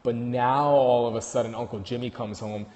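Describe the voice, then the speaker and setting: A man's voice: medium pitch, fairly even intonation, moderate pace, darkish tone, in a large hall. A man with a New York accent, a dog trainer hosting a casual livestream on his phone, talking loosely with many fillers and restarts.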